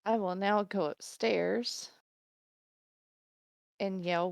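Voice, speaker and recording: Woman, tabletop player, lower voice, dry sound, blunt short remarks. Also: animated, normal speed, a little mellow, no echo. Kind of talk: curt in-character banter.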